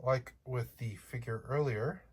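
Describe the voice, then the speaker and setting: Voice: medium pitch, a little slow, husky. A chatty unboxing vlogger with a slight accent who talks playfully to viewers and cracks jokes along the way. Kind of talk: casual unboxing chat.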